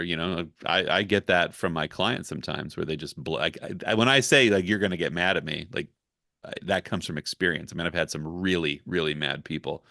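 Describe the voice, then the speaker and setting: A man's voice: low-pitched, bright, forceful tone, no echo, studio quality. A man who works as a ghostwriter, speaking candidly and reflectively in a casual podcast conversation. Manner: candid, reflective, talks it through. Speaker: ghostwriter guest.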